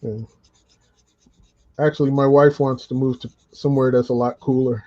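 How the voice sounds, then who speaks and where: A laid-back man chatting casually, laughing often and filling pauses with ums. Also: mid-range voice, level tone, a little mellow, highs cut off. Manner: laid-back, laughs a lot, many fillers. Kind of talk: casual chat.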